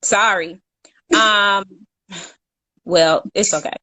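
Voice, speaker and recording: A chatty woman co-host tells a story at an easy, casual pace. She stops now and then to correct herself, laughing at her own mix-ups. Her voice sits at a middle pitch. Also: extremely slow, pushed and bright.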